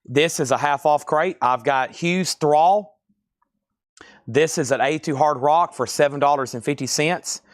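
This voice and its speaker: Man, Southern US accent, live sale host, quick joking patter, dry close sound. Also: on the high side, no echo. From Tennessee, US. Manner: fast, joking patter, drawled Southern vowels. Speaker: live-stream record seller. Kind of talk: live sales auction chat.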